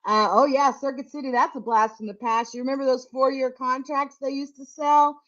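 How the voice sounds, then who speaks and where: A woman's voice: high-pitched, steady tone, a little fast, fairly bright tone. A middle-aged woman telling a candid, profane story from her working life in casual chat, laughing often. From United States. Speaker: tech channel host. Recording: dull lo-fi recording.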